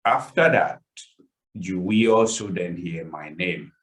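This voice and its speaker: On an online webinar call, a man whose first language isn't English earnestly recounts a painful personal story, his emotions swinging as he goes. His voice is low, slow and a bit bright, and the audio is poor.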